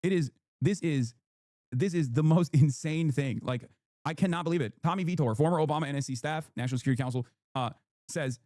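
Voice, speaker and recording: A male streamer talking very fast in a heated, profane rant, his voice a bit high, recorded dry and close. He rattles through his points. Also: warm tone, no room sound. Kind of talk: ranting livestream commentary.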